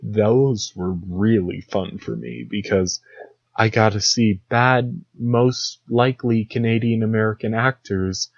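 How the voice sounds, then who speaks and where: A young man talks through a solo podcast at a slow, unhurried pace, his voice sitting a little low. He rambles with dry sarcasm and drops into mocking impressions. The recording is dull, lo-fi and dry. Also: fairly even intonation, creaky, no echo. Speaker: podcast host. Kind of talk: solo comedic podcast monologue.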